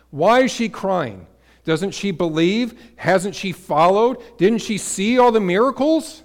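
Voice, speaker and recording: A man preaching a sermon to a congregation, building to emphatic peaks and dropping to quiet asides, asking the listeners questions. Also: high-pitched, a little slow. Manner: energetic, rises to emphatic peaks then drops to quiet asides. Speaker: pastor.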